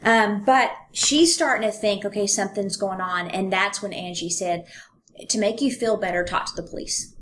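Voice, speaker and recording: Woman, podcast co-host, casual storytelling, mid pitch, faint noise. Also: moderate pace, fairly bright tone. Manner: conversational, reads passages aloud with fillers. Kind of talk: casual true-crime retelling.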